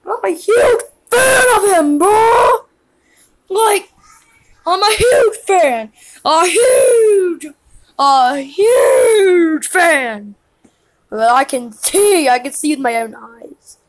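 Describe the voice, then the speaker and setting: A squeaky, very high-pitched cartoon girl played by a woman, hyper and easily thrilled. She shrieks and gushes, her voice leaping all over the place while she drags out her words slowly. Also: animated, full character voice, poor audio. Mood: gushing. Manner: squealing, shrieking, gushing fan.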